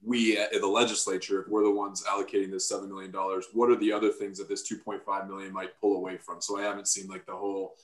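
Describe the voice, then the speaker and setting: A man with a deep voice and very little pitch movement asks questions in a committee meeting. He is polite and tentative, owning that he is new as he checks his understanding. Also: level tone, fast talker, hardly any pauses, low-quality recording. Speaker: senator.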